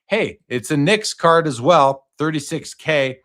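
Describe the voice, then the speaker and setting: A man's voice: on the high side, lively intonation, unhurried, fairly bright tone. Casual man hosting a live card auction. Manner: casual, reads out lot details and asks the guest questions. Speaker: host.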